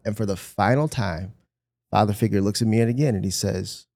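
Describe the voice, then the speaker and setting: Speaking a little fast in a lowish voice, a pastor from Michigan recounts a personal story in a podcast conversation, animatedly performing the voices he quotes.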